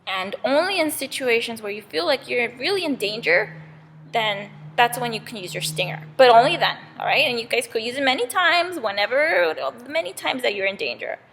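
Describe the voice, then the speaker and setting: A woman's voice: a little high, animated, moderate pace, a bit bright, slight background noise. A woman playing a stern king of the gods. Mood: instructing. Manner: scolding, firm. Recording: long reverb in a hall.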